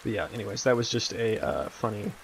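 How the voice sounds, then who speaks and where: A young developer streaming his game work talks fast and expressively in a fairly low voice with vocal fry. He's laid-back and rambling as he codes, swearing and laughing often, and there's slight background noise.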